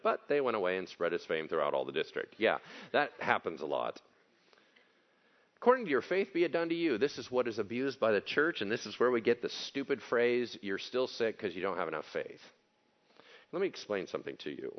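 A man's voice: lowish voice, highs cut off. A man preaching a sermon as pastor, talking casually and bluntly and acting out the people he quotes.

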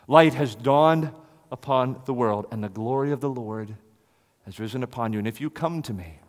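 Male preacher, mid-pitched, dramatic loud-soft delivery, long hall reverb. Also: normal speed. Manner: dramatic swings from loud to hushed. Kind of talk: expository sermon.

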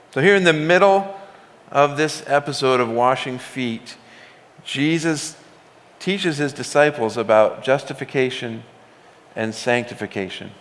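A man preaching a sermon as pastor, talking conversationally and building emphasis as he retells a scripture story in his own words. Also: medium pitch. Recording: long hall reverb.

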